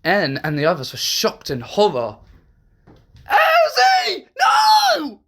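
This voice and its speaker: A storyteller narrating a homemade horror fan story in a halting way, with frequent restarts. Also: medium pitch, lively intonation, fairly bright tone.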